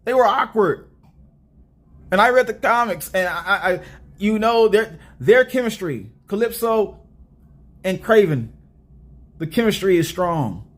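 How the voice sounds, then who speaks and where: A young man talking through a movie review in a loose, rambling way, cracking jokes and circling back on himself as he goes. His voice sits fairly high for a man. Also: a little slow, pauses often. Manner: animated, rambling, joking.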